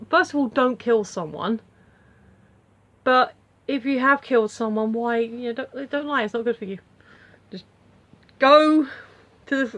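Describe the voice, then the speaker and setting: A woman talking casually to camera at home in a vlog, rambling through her thoughts with lots of fillers and restarts. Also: on the high side. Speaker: vlogger.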